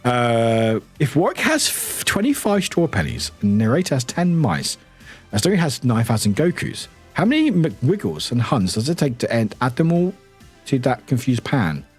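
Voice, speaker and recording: A man's voice: medium pitch, sing-song, normal speed, slightly rough. A man from the United Kingdom, a streamer, chatting casually with viewers, laughing often, swearing and reading chat aloud. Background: faint background music.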